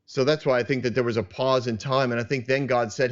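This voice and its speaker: A man's voice: medium pitch, fairly even intonation, fast. Earnest man teaching scripture, muffled audio. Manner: earnest, thinking aloud with frequent restarts and chuckles. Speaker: podcast host teaching scripture. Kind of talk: reflective teaching talk. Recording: dull lo-fi sound.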